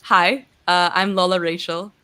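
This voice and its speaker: A woman in her twenties, a guest reading a heartfelt letter in an earnest, soft-spoken way over a video call. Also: on the low side, steady tone, unhurried, clean tone. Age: 20s. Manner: earnest, soft-spoken, with laughs and gushing emotion. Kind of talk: reading a heartfelt letter, then casual chat.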